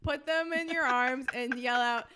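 Bright, playful high-voiced woman. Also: a little slow. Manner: playful, giggly. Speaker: podcast co-host. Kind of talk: casual movie recap chat.

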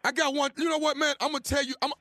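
A man's voice: very high-pitched, little pitch movement, very fast, very noisy, voice pushed up. A man acting as a furious concerned father in a prank call, talking in a confrontational, threatening way. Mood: angry.

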